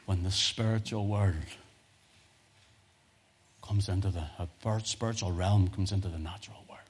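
A man preaching a sermon, telling personal testimony stories in an animated way. His voice sits low and sounds husky. He punches some lines loudly and drops others to a hush. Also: moderate pace. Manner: animated storytelling, swings from loud emphasis to hushed.

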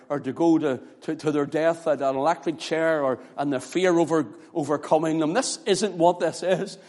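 A man preaching an impassioned sermon, swinging from loud exclamations to hushed near-whispers. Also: on the high side. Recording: echoey hall reverb.

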